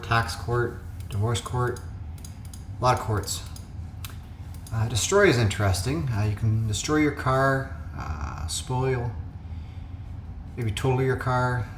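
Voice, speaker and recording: A man's voice: mid-range voice, slight background noise. A man hosting a puzzle video, talking casually through his solves and thinking aloud with lots of ums and uhs. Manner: thinks aloud with frequent fillers. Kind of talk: casual solo commentary. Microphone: phone webcam. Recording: echoey home room.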